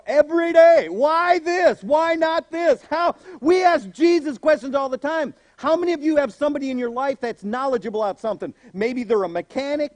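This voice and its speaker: A man pastor preaching a sermon, animated, acting out voices in the story he tells. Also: very high voice, no room sound.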